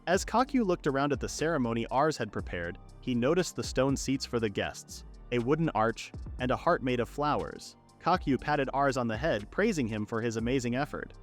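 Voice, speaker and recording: Lively man narrating a manga recap. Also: medium pitch, normal speed, few pauses, faint music behind. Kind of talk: scripted narration.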